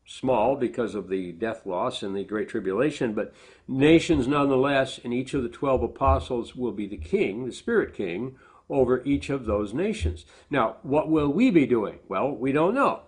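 A pastor with a mid-range, husky voice delivers a sermon. He reads scripture aloud with lifted emphasis, then explains it through plain, conversational asides.

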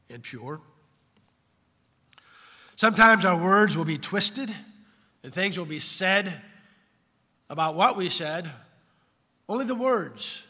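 Bright-voiced male pastor preaching. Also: fairly high pitch, big-room sound. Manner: emphatic, poses questions to the congregation. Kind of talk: sermon.

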